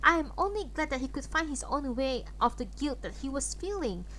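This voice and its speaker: A woman reading a flat, weary evangelist son. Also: sits high, brisk, slight background noise, pitched above the performer's own voice, full character voice, rough recording. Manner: flat, tired, subdued.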